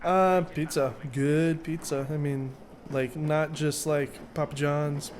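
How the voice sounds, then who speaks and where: A man's voice: on the high side, steady tone, takes it slowly. A young man chatting casually as an interview guest while playing a game, rambling and joking. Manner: laughing, rambling, jokey. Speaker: interview guest, magician and video maker. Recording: faint background noise.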